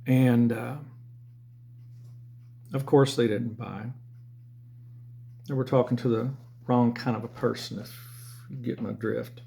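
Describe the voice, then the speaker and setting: Southern man, former salesman, gravelly, blunt, profane, mid-pitched. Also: steady tone, slow, long pauses, warm tone. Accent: Southern American. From Southern United States. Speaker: former car and motorcycle salesman. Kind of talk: casual storytelling monologue.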